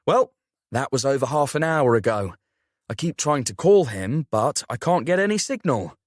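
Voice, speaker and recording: A man's voice: mid-range voice, expressive, dry recording, studio quality, lightly acted. A man voicing an earnest, apologetic young man. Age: young adult. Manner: apologetic, quick.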